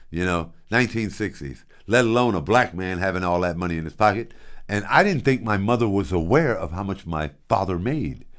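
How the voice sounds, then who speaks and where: Animated older man telling a story, low voice. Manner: animated, big swings in loudness, frequent restarts. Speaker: show host. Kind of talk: casual storytelling.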